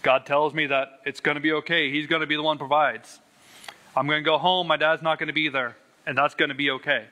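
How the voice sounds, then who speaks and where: A man's voice: fairly high pitch, little pitch movement, fast, bright, forceful tone. A man earnestly telling his personal faith testimony, stressing words and repeating them for weight. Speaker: Christian sharing a testimony.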